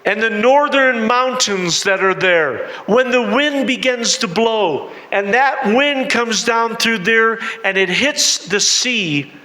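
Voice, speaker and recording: A man preaches in a high, bright voice, taking his time as he tells the story with drama and questions for the congregation. His words carry a long reverb from the church hall. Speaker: missionary preacher. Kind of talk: sermon with storytelling.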